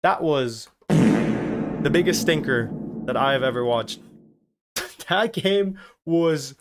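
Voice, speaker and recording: Hosting a laid-back live watch-along, this German man jokes with his viewers, reading their chat aloud and teasing them. He sounds animated at a medium pitch and a slow pace, though the recording is very noisy.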